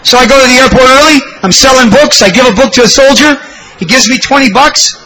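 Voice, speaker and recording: A man telling a devotional story in a sermon, animated and exclamatory, acting out the people he quotes. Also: extremely high pitch, quick pace, slight background noise, low-quality recording. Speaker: devotional speaker.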